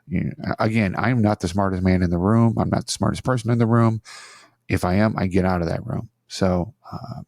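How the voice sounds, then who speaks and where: A man's voice: low-pitched, steady tone, fairly quick, vocal fry, a little mellow, dry recording, clean studio sound. A middle-aged man hosting a solo podcast, chatty and self-deprecating, rambling with frequent restarts. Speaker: podcast host. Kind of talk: casual solo podcast talk. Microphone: studio microphone on an arm.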